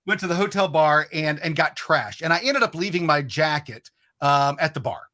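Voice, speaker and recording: A man's voice: fairly high pitch, expressive, moderate pace, over a noisy crowd. A man who is a podcast guest, telling a long story in casual chat. He swears freely and often stops and restarts his sentences. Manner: rambling, profane, frequent restarts.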